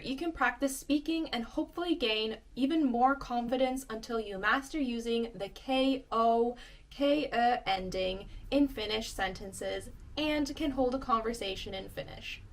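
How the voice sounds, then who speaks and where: A young woman with a slightly high voice gives an online language lesson. She explains each point patiently and says every example word clearly more than once. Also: a bit bright. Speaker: language teacher.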